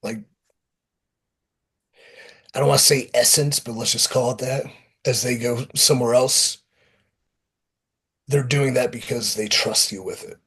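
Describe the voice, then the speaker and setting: A man being interviewed as a pro wrestler guest, talking in a blunt, profane, lively storytelling way. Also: medium pitch, a little slow, long pauses, husky. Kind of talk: casual interview talk.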